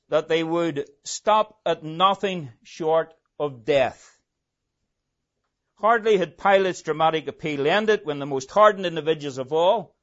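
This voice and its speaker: Male preacher delivering a dramatic sermon, loud emphasis then hushed asides, unhurried, muffled lo-fi sound. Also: a little high. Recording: dull lo-fi recording.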